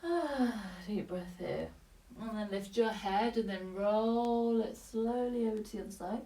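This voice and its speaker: A woman yoga teacher guiding a class with calm, breath-paced cues and short commands, slightly out of breath. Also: mid-range voice, normal speed. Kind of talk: guided yoga class instruction. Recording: echoey room, voice from a distance.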